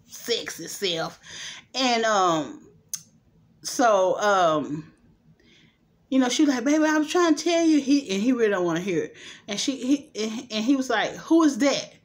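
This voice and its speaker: A woman casually retelling a movie plot for her vlog, rambling, laughing often and acting out the characters' lines. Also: mid-range voice. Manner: acts out quoted lines animatedly. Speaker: movie reviewer vlogger.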